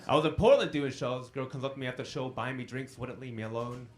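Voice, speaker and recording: A man's voice: medium pitch, fast. A man in his thirties doing a stand-up comedy set on a club stage, self-deprecating, with dry punchlines delivered to the crowd.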